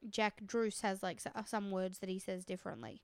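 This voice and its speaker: A woman's voice: medium pitch, fairly quick, clear, resonant tone, dry recording. A young woman, chatting in an easygoing way as a podcast co-host. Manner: easygoing, agreeable, animated when telling stories. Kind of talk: casual chat recapping a dating show.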